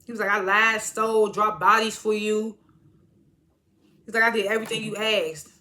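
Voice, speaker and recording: A woman's voice: mid-range voice, steady tone, normal speed, sharp tone. A woman giving a casual episode recap, retelling scenes by quoting the characters in slangy talk and laughing often. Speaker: TV episode reviewer.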